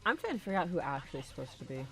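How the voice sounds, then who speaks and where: Low-voiced woman chatting over a game. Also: sing-song, racing, faint music behind. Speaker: player. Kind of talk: casual chat.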